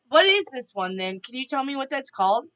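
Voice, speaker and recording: A woman's voice: high voice, bright, forceful tone, clear, resonant tone, poor audio. A woman hosting a casual live stream, chatting to viewers and reading their questions aloud. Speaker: tarot reader and live stream host.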